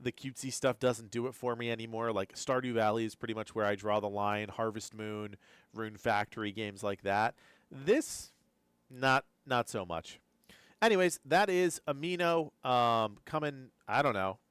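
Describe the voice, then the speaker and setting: A man's voice: mid-range voice, normal speed, a bit bright, smooth, no room sound. A man hosting a live gaming news stream, rambling and repeating himself as he thinks aloud, drowsy and yawning. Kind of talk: live-stream reaction commentary.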